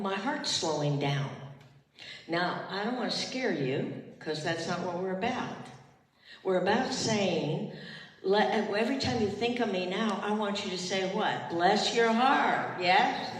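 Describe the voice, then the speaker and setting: Older woman preaching in an echoey hall. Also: fairly low pitch. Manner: emotional, heartfelt, leads the congregation in call and response. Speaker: retired minister. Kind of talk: sermon. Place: chapel. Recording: echoey hall, far from the mic.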